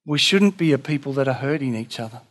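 A man's voice: mid-range voice, animated, quick pace. A man preaching a sermon in an earnest, conversational way, acting out little dialogues as he goes. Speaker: pastor.

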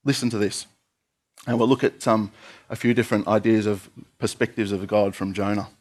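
A man preaching a sermon, reading scripture aloud in a steady voice with an occasional filler. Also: lowish voice, moderate pace.

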